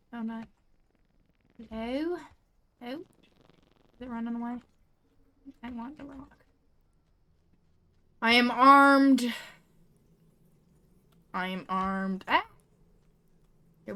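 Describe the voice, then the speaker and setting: Slow-talking young woman gamer who squeals. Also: fairly high pitch, steady tone. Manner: chatty, easily startled, squeals and apologizes to creatures. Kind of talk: casual let's-play commentary.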